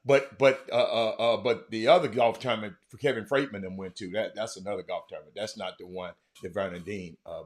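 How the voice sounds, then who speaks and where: A man hosting a casual livestream, reading viewer comments and greeting people by name in an animated, loose way. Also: medium pitch. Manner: animated, shouts out viewers by name, drifts off-mic. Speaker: livestream host.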